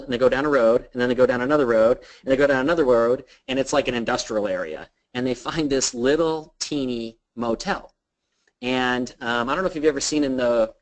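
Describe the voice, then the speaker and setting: A man telling an anecdote with lively quoted voices, then giving business advice. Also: medium pitch, low-quality recording. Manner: animated storyteller acting out quotes. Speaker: business speaker. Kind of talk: storytelling business talk.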